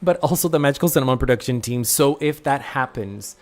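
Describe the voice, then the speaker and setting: An excitable live streamer, a little sick, greeting chat viewers by name in casual stream talk. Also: medium pitch, a little fast.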